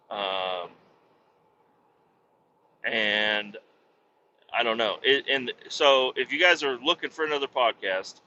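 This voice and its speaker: Male podcast host, casual solo monologue, rambling and profane, lively pitch, muffled lo-fi recording. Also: a little hiss or hum. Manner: rambling, profane, self-interrupting. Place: home podcast setup in Missouri. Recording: dull lo-fi recording.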